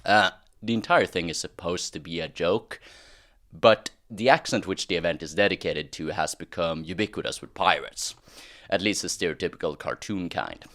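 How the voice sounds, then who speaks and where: A man's voice: deep voice, normal speed, a bit bright, dry recording, studio quality. A man hosting a history explainer, talking in a casual, wry way with the odd "uh". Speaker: history channel host. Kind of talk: explainer narration.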